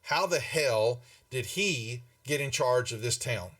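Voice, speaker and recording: A man voicing a gruff, indignant middle-aged male knight who blusters and curses, recorded from a distant mic. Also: medium pitch, animated, takes it slowly, fairly bright tone. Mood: angry. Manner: blustering, cursing.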